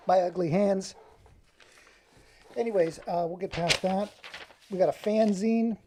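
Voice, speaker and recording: Gravelly, dark-voiced man rambling to camera. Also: high voice, normal speed, pauses often, a little hiss or hum. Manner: rambling, self-deprecating, chatty. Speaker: vlogger. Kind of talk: casual rambling monologue to camera.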